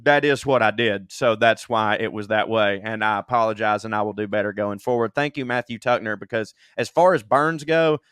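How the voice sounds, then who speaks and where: A man's voice: fairly low pitch, steady tone, fairly quick, hardly any pauses, fairly bright tone, clean tone, dry recording, clean studio sound. A self-deprecating man co-hosting a comedy podcast, reading listener emails aloud with laughs and comic asides. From Southern United States. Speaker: podcast co-host.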